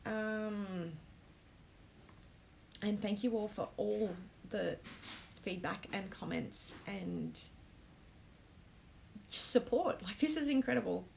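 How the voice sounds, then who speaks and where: A woman hosting a casual live stream, talking straight to her viewers and reading their comments. Her voice carries a gravelly edge, and she fills her pauses with ums. A faint hum sits in the background. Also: medium pitch, rough recording. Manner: emotional, many ums, talks to comments. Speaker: host of a planner live stream.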